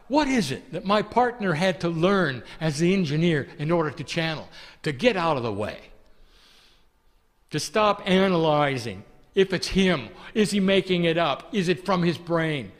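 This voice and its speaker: A man giving a channeled spiritual talk to an audience, speaking gently and addressing listeners as "dear one". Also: on the high side, expressive, normal speed. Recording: long hall reverb.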